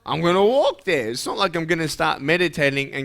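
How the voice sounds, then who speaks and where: A man's voice: on the high side, sing-song, normal speed, gravelly, bright, forceful tone. A young man giving a playful motivational talk to schoolchildren, asking questions and leading them in call-and-response chants. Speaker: motivational speaker addressing schoolchildren. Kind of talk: animated interactive talk to kids.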